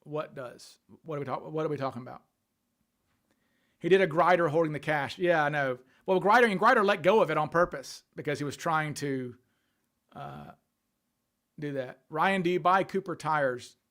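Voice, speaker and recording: A man's voice: fairly high pitch, normal speed, fairly bright tone. A man hosting a casual livestream, thinking aloud and answering questions from viewer chat. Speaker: livestream host.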